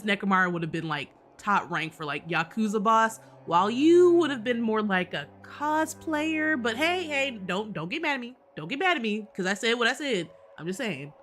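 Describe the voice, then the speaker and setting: Slangy, laughing woman with a lively voice. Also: a little high. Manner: slangy, swearing, laughs often, talks back to the characters. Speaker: gaming streamer. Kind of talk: casual let's-play commentary. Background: game music.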